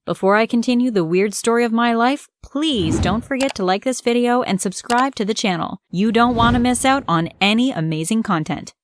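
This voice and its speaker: A woman narrating an animated first-person story, in a conversational tone that speaks straight to the viewer. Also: fairly high pitch, moderate pace, hardly any pauses, a little hiss or hum.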